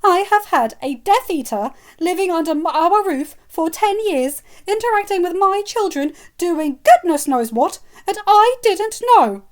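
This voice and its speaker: A woman voicing a frantic, fiercely protective witch mother who talks shrilly, near shouting. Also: very high voice, expressive, a little slow, few pauses, pitched above the performer's own voice. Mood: tearful.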